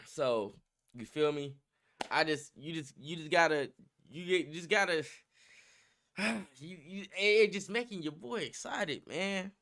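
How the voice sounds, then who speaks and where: Young male streamer, high and bright, excitable, profane casual banter. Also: measured pace. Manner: hyped, slangy, profane, laughing often. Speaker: livestream host. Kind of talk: casual livestream chat.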